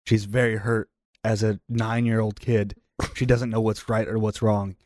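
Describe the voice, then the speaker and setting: Exasperated low-voiced man playing his character. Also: little pitch movement, moderate pace, darkish tone, no echo, studio quality. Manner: pleading, exasperated, with curses. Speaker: player. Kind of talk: in-character tabletop role-play.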